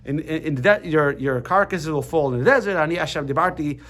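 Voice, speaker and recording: A man teaching a lively class, switching quickly between explanation and jokes. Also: fairly high pitch. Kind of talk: animated class lesson.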